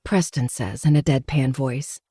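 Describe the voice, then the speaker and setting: A woman's voice: rumbling low, measured pace, dark tone, slightly rough, dry recording, studio quality. A woman narrating a first-person novel with dramatic storytelling.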